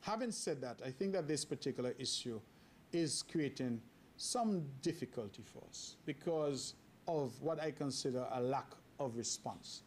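A government leader speaks at a press event in a measured, official way. His voice sits at a middle pitch for a man. There is a faint ambient murmur under his careful phrasing. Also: expressive, a little hiss or hum. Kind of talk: formal press remarks.

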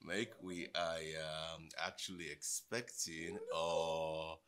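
An actor playing a proud expectant husband who speaks hesitantly with many pauses and fillers. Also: male voice, deep voice, steady tone, crowd noise. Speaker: husband announcing a pregnancy.

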